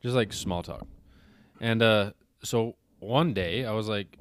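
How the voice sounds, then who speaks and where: A man with a lowish voice, chatting casually and telling a story at an easy pace. He slips into the voices of the people he quotes along the way. The sound is dry and close, with no room around it. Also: takes it slowly, no room sound. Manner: laid-back storytelling, mimics others in quoted voices. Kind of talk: casual chat.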